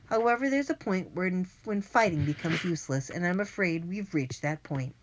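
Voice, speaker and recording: A woman's voice: on the low side, animated, moderate pace, background noise, lightly acted. A woman reading an audiobook, voicing a bullying, greedy adult man who blusters, screams and wheezes. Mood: threatening. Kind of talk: audiobook character voice.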